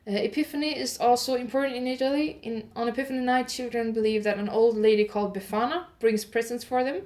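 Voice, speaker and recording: A woman hosting an audio advent calendar show. She reads holiday facts in one improvised take, pauses with "uh" to fix her pronunciation, and adds chatty asides to her listeners. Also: on the high side, fairly even intonation, a little mellow. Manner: reads steadily, stops often with "uh" to correct her pronunciation.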